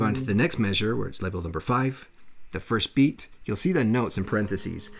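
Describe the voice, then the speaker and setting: A man's voice: lowish voice, brisk. A man giving a step-by-step guitar lesson, explaining strumming patterns and counting beats aloud as he plays. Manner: counts beats aloud while playing, encouraging. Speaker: guitar teacher. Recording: loud guitar playing under the voice.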